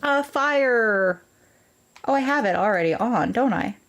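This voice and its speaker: A woman's voice: medium pitch, animated, fast. A young woman streaming a game, chatting casually with viewers in a playful, rambling way. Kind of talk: casual live-stream chat.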